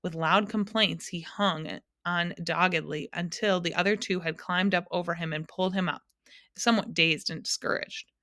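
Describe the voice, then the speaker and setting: A woman teacher reading a children's novel aloud in an expressive storytelling manner. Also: lowish voice, normal speed, dry recording, studio quality.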